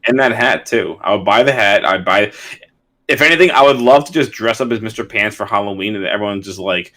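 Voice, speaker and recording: A young man with a medium voice chats in a relaxed, rambling way, leaning on filler words and breaking into giggles. He sounds easygoing and unhurried as a podcast co-host. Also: fairly low pitch. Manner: laid-back, lots of "like" fillers, giggly. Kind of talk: casual chat.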